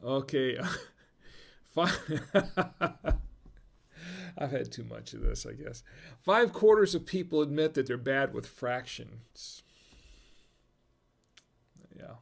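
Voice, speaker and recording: A man's voice: a little high, sing-song, slow, vocal fry, pauses often. A man hosting a casual livestream, reading viewer jokes, chuckling at them and trailing off mid-sentence.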